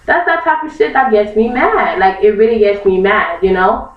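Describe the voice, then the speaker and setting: A woman's voice: medium pitch, normal speed. Young woman vlogger in a fired-up rant, recorded from a distance with a muffled lo-fi sound. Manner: angry, emphatic, repeats herself, acts out others in mocking voices. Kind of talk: heated opinion rant. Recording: echoey, distant, dull lo-fi webcam recording.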